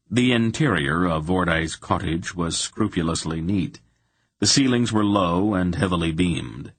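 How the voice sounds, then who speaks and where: A man reading a fantasy audiobook aloud in slow, even storytelling. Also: sits low, husky, dry recording. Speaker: audiobook narrator. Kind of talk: scripted fantasy narration.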